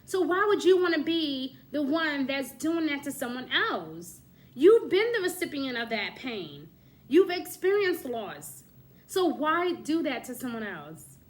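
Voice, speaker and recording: A woman giving a casual astrology reading to camera, coaxing and lively, often checking in with her listener and laughing between points. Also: sits high. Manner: coaxing, keeps saying "my love" and "okay?". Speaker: astrology reader.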